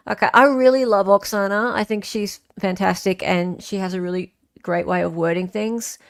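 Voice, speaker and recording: A woman's voice: mid-range voice, fairly even intonation, normal speed, vocal fry, hardly any pauses. A woman hosting a casual livestream, reading viewer comments aloud and answering them in a chatty way with frequent fillers. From Australia. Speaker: livestream host.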